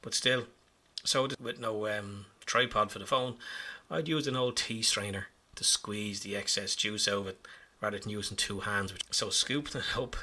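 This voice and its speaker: A man with a very bright, forceful tone and a husky edge narrates his own hobby work. He rambles along casually and pokes fun at his own mistakes. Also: fairly low pitch, normal speed. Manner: chatty, self-mocking, rambling. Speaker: hobby vlogger.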